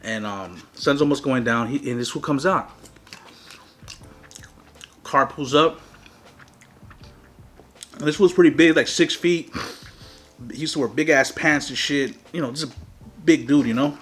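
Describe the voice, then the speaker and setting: A man's voice: medium pitch, unhurried, long pauses, faint music behind. A young man hosting an eating show, telling a story casually and animatedly with lots of slang and swearing. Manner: profane, slangy, animated retelling. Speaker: mukbang host.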